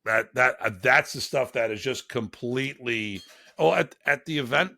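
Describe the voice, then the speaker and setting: A man from Buffalo, New York spins casual stories as a guest, his voice gravelly and bright. He acts out the people he quotes with animated jumps in his delivery. The sound is dry and close. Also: mid-range voice, normal speed, no echo. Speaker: guest, martial arts instructor. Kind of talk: casual storytelling.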